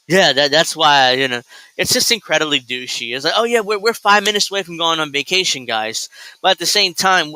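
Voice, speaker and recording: A man's voice: on the high side, bright, forceful tone, smooth, dry recording, low-quality recording. A male host giving crude, sarcastic, rambling political reaction commentary.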